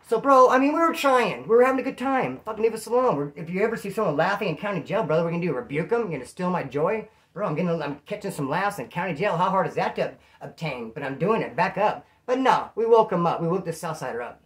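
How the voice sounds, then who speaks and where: A man from California telling prison stories in casual slang, animated and acting out what people said. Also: high-pitched, fast, few pauses. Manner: streetwise slang, animated, acts out quotes. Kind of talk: casual storytelling to camera.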